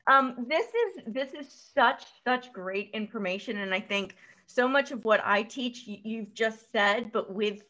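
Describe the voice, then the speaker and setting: A woman's voice: on the high side, animated, measured pace, few pauses, bright, forceful tone, low-quality recording. A woman hosting an interview, encouraging and full of filler words as she asks questions. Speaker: host. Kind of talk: interview host, parent.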